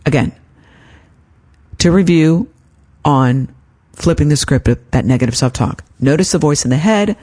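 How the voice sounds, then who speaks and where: Lively, gentle woman coaching. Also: low-pitched, normal speed. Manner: gentle, encouraging, acts out her inner voice in quotes. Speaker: podcast host and life coach. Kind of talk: self-help podcast monologue.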